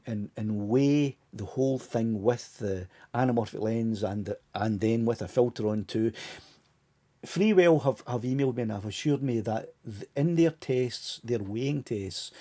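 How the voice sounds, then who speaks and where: A man's voice: medium pitch, dark tone. A Scottish man of about sixty hosting a casual live stream chat, rambling along with many restarts and little chuckles while his voice tires. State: voice tiring, fading.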